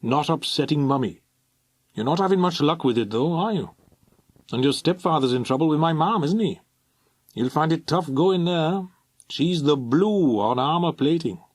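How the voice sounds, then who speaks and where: A man reading aloud, voicing a sharp-tongued Welsh teenage boy who talks in a teasing, sardonic way. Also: a little high, lively intonation, moderate pace, no room sound, pitched above the performer's own voice. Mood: mocking.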